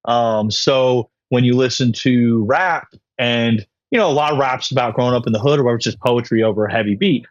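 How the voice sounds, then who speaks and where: A young man in his late twenties chats loosely as a podcast guest, swearing freely and circling back on himself through fillers and false starts. His mid-pitched voice sits in a dry, close space. The sound is a bit dull and muffled. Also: a little fast, few pauses, no room sound. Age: young adult. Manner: rambling, profane, full of fillers and restarts. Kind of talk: casual podcast chat.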